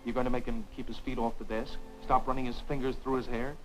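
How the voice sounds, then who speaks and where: An actor playing a gentle, teasing young lawyer in a 1940s film. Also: male voice, mid-range voice, level tone, quick pace, faint music behind, close to an everyday voice, low-quality recording. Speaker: lawyer leaving for a new post.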